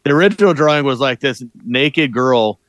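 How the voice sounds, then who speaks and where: A man's voice: mid-range voice, expressive, normal speed, fairly bright tone, no echo. A man co-hosting a casual chat, adding short details and chuckling along. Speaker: podcast co-host.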